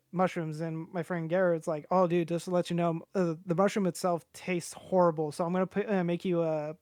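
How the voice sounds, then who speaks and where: A man's voice: high-pitched, darkish tone, clean tone, no echo, clean studio sound. Young man telling a rambling story. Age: young adult. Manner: rambling, profane, acts out quoted voices. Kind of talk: casual storytelling.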